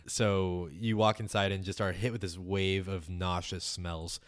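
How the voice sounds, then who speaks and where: A man narrating as game master of a tabletop game in a relaxed, rambling way, full of fillers. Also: deep voice, slow pace, no echo, studio quality.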